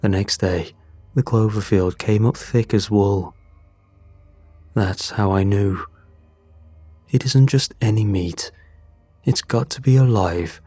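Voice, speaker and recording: A man voicing a dying old farmer father, hoarse and rasping, confessing weakly in a scripted horror story. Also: fairly low pitch, warm tone, no echo, soft background music. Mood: grim. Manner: weak, halting confession.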